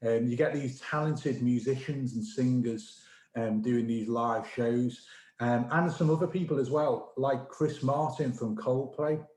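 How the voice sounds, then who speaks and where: A man's voice: medium pitch, measured pace, darkish tone, reverberant, rough recording. A man hosting a comedy show over a video call, telling wry, self-deprecating anecdotes between acts.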